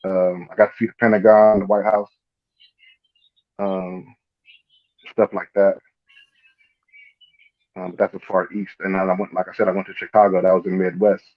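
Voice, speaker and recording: A man's voice: deep voice, moderate pace, pauses often, narrow, tinny audio. A man from Southern California hosting a live podcast, telling stories in casual, profane chat and acting out other people's lines. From Los Angeles area, Southern California. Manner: profane, animated storytelling with imitated voices. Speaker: podcast host.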